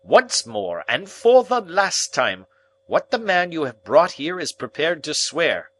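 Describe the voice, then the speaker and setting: A man voicing a stern, bullying older lawyer in an audiobook reading, barking harsh, forceful commands. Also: mid-range voice, sing-song, unhurried, voice pushed up, heavily acted. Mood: furious.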